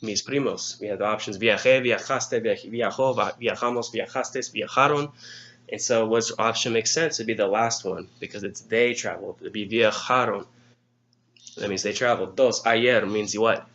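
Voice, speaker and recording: A man's voice: fairly low pitch, moderate pace, fairly bright tone, lo-fi sound. A male Spanish teacher patiently walking students through an exam review lesson, step by step.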